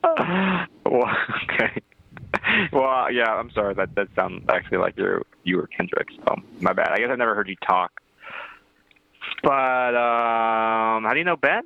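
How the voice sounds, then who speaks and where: A man's voice: on the low side, lively intonation, a little slow, vocal fry, narrow, tinny audio. A man co-hosting a podcast in an improvised comedy chat, hesitant and playful.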